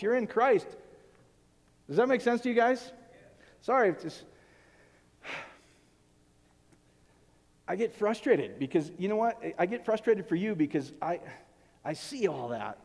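A man preaching a sermon in an animated way, swinging from loud outbursts to soft, hushed asides. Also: high-pitched, normal speed, pauses often. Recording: long hall reverb.

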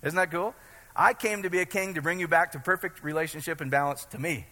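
A man's voice: a little high, fast, pushed and bright. A middle-aged man from Iowa preaching a casual, joking sermon, often asking his congregation if they follow him. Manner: joking, chatty, keeps checking in with the audience. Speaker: pastor. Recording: long hall reverb.

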